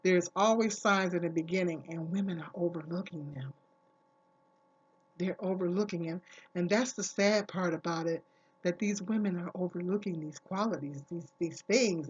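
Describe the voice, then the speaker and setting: A woman's voice: lowish voice, slightly rough, muffled recording. A woman vlogger talking casually to camera, giving earnest, emphatic advice and repeating her key phrases.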